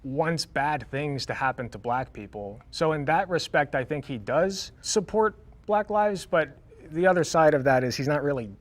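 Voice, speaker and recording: A man in a debate, arguing earnestly in a halting way, often restarting his sentences. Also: a little high, animated. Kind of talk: argumentative debate.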